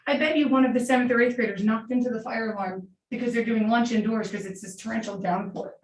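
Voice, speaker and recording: A woman's voice: a little high, steady tone, quick pace. Brief: woman in her 40s, veteran teacher, heartfelt unscripted public comment, roomy hall sound, mic set back. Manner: earnest, heartfelt, unscripted storytelling. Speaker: middle school teacher giving public comment. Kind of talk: public comment at a school board meeting. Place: large meeting room. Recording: echoey room, distant mic, faint hiss.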